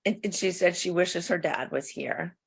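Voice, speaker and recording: A middle-aged woman co-hosts a podcast, chatting casually with a slightly low voice. She asks pointed, skeptical questions and agrees readily. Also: normal speed, gravelly, husky. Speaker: podcast co-host. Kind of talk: casual chat recapping a TV episode.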